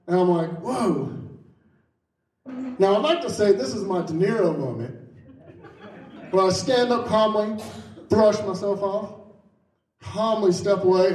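A man telling a personal story in the first person, quick in some stretches and slow in others. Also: sits high, darkish tone, distant mic. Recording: roomy, voice set back from the mic.

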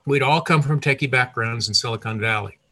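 A man's voice: mid-range voice, a little fast, sharp tone. An older retired man telling a personal story in a conversational way, with restarts and self-corrections.

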